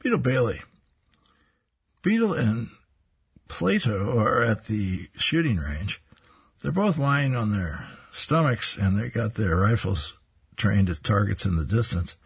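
A man's voice: lowish voice, big pitch swings, slow pace, gravelly, slightly rough. A man reading comic strips aloud and describing each panel, chuckling between strips.

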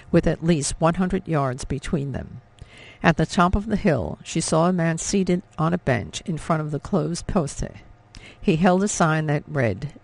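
A man giving a measured, dramatic scripted narration of an audiobook. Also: on the high side, gravelly.

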